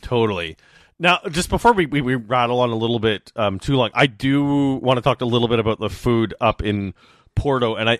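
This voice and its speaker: A man's voice: fairly low pitch, dry recording, clean studio sound. A young adult man co-hosting a podcast, chatting casually with musing asides. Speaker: podcast co-host. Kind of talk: casual chat.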